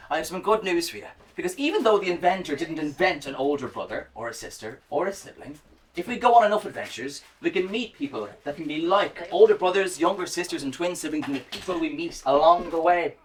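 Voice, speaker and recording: A woman telling a story live to children, speaking directly to them in a warm, sing-song way. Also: sits low, distant mic, slight background noise. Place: home or school, live performance.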